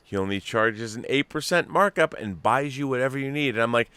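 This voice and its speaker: A middle-aged American man hosting a casual chat, rambling and animated, full of restarts. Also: mid-range voice, a little fast, smooth, dry recording. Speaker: host.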